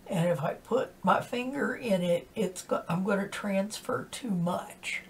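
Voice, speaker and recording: With a medium-pitched, unhurried voice, a woman in her sixties walks through a makeup tutorial in soft, casual chat. She often lapses into half-whispers as she works, and a far-off mic picks up faint background hiss.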